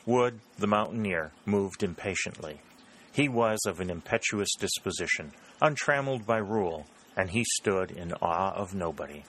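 A man narrating an audiobook in a steady, even reading voice. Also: deep voice, moderate pace, a little hiss or hum, rough recording. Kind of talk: scripted narration of a historical novel.

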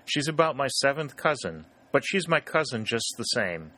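A man voicing a gentle, lively young cavalry scout. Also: medium pitch, moderate pace, pitched above the performer's own voice. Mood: amused. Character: young cheerful male Confederate scout.

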